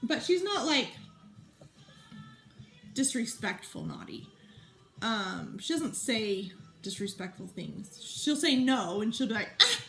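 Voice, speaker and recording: A woman's voice: fairly high pitch, big pitch swings, takes it slowly, gravelly, long pauses, fairly bright tone, faint music behind. A woman in her thirties chatting casually to camera, a rambling storyteller full of fillers and asides while she works on a craft project. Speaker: vlogger and mom.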